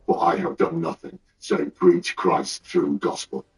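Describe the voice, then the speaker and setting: An actor playing a stern accused male preacher, with a deep gravelly voice and slow, solemn delivery. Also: fairly even intonation, faint music behind. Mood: defiant.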